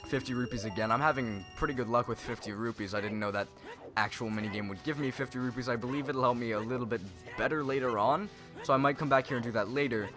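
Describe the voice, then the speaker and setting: A man's voice: medium pitch, quick pace, music in the background. A young man hosting a let's play, giving rambling, self-correcting casual commentary on a video game.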